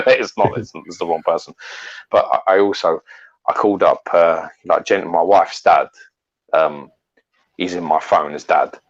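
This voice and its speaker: A man's voice: sits low, measured pace, highs cut off. A middle-aged man chatting on a live stream, telling stories loosely, swearing a lot and laughing often. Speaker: co-host. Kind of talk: casual chat.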